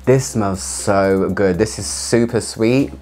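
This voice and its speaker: A man chatting casually through a product review, excitable and laughing often as he talks. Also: fairly low pitch, slow, faint music behind. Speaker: fragrance reviewer.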